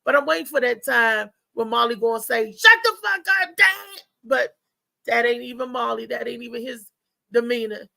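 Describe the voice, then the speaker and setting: A woman's voice: on the high side, flat delivery, moderate pace, gravelly, pushed and bright, no echo, poor audio. A woman hosting a live show, chatting loosely and talking straight to her viewers. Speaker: host. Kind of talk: casual live show chat.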